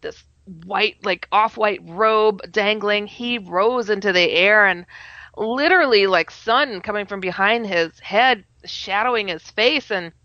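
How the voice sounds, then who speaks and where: A woman telling a personal story in casual talk, animated, often laughing and acting out her own quoted words. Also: mid-range voice, measured pace, no echo. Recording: slightly muffled audio.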